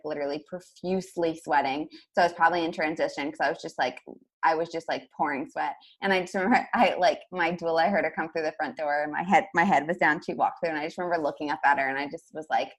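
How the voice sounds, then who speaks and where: Young woman, podcast guest, quick casual storytelling, lots of fillers, lowish voice. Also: steady tone. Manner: rapid, filler-heavy, peppered with "like".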